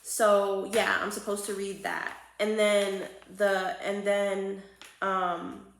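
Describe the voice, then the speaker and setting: Earnest woman with a gravelly voice. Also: medium pitch, little pitch movement, slow, slight background noise. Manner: earnest and heartfelt. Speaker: vlogger. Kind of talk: personal reflective vlog, reading aloud. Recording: echoey room.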